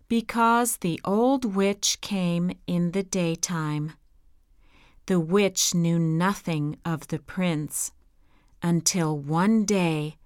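Very slow woman reading a fairy tale. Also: on the low side, no room sound, studio quality. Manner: slow, clear, deliberate. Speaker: storyteller.

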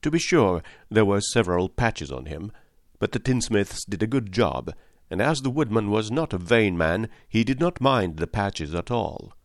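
Low-voiced man reading a storybook. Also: expressive, normal speed, gravelly, dry recording, clean studio sound. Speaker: audiobook narrator. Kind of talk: scripted storybook narration.

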